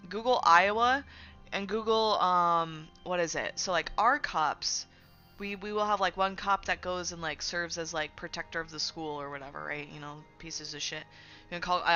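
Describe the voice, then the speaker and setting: A woman's voice: fairly low pitch, bright, forceful tone, lo-fi sound. A woman streamer chatting casually while she games, ranting with plenty of swearing and fillers. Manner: profane, ranting, filler-heavy. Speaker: game streamer. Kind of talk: casual chat while gaming.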